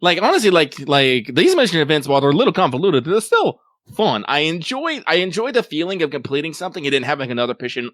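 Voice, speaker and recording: A man in his late twenties co-hosting a casual gaming podcast, his pitch swinging with lively energy. He jokes around and leans on "like" as he reads listener mail. The mic is close and dry. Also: fast, hardly any pauses, no room sound. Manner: animated, heavy use of "like", jokey.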